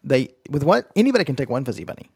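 A man's voice: medium pitch, huge pitch swings, rapid-fire, gravelly, a little mellow, breathy edge, no echo, clean studio sound. A man co-hosting a podcast with a stuffy, nasal voice from a cold, chatting and joking casually. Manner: joking, rambling, laughs often. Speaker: podcast co-host.

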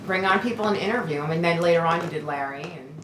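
A woman guest in a casual group chat, quick and matter-of-fact. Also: lowish voice, noisy background.

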